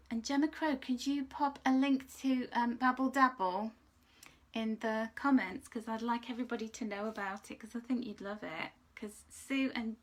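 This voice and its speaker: A woman with a fairly high voice giving a casual spiritual card reading. She talks in a chatty, rambling way and now and then drops into a soft whisper. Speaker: angel card reader.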